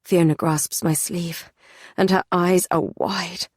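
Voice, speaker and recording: A woman narrating a fantasy audiobook in the first person, measured and even. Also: on the low side, husky, dry recording, studio quality.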